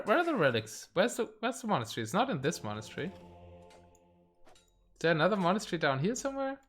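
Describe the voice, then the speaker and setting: Casual stream caster, animated delivery, reacts live; desk mic, typing behind. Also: mid-range voice. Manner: chatty, thinks aloud, reacts to live play. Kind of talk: live game commentary.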